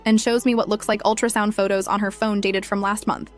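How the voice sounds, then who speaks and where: A young woman narrating a scripted first-person story in a brisk, dramatic way. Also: medium pitch, fairly even intonation, soft background music.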